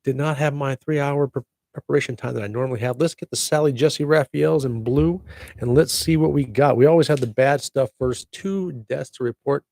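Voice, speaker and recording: Gravelly, chatty man hosting a podcast. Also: mid-range voice, a little fast, warm tone, dry recording. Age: middle-aged. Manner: chatty, upbeat, jokey asides. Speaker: podcast host. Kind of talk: casual solo podcast chat.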